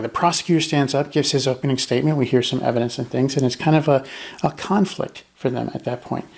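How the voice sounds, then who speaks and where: Gravelly man in casual true-crime chat. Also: medium pitch. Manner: animated, acts out jurors in quick mock voices. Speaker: podcast co-host.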